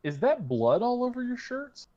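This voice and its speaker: A man's voice: very high-pitched, sing-song, normal speed, a little mellow, muffled recording, voice pushed up. A man voicing a caring woman who runs a mission, speaking in a concerned, hesitant way.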